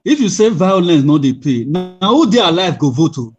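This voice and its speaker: A man's voice: on the high side, big pitch swings, moderate pace, a little mellow, lo-fi sound, soft background music. A Nigerian man speaking as a panelist in a heated online discussion, emphatic and insistent, circling back to his points again and again.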